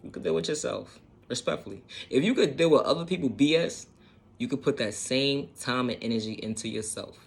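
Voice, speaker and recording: A gravelly, mid-range male voice moves a little fast through a casual, earnest monologue about self-healing. This self-help vlogger's motivational talk keeps repeating its points and includes the odd curse.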